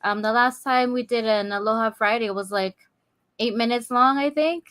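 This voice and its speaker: A woman co-hosting a livestreamed podcast, talking in a bubbly, giggly, energetic way. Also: a little high, moderate pace, clear, resonant tone. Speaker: podcast co-host. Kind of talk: casual livestream chat.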